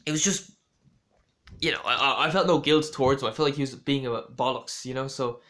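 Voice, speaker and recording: A young Irish vlogger rambles through a casual storytelling monologue full of fillers and restarts. His medium-pitched voice is fairly quick and a bit bright.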